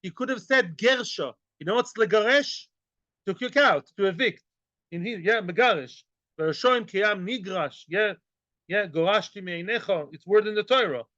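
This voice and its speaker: High, bright-voiced man teaching Talmud. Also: no echo, dull audio. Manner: jokey, quizzes the class with questions. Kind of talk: Talmud class lecture.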